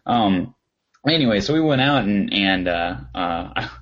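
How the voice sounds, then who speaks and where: A man's voice: fairly low pitch, expressive, normal speed, lo-fi sound. A man chatting casually as a podcast co-host, rambling through a story with lots of fillers and restarts. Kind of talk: casual chat.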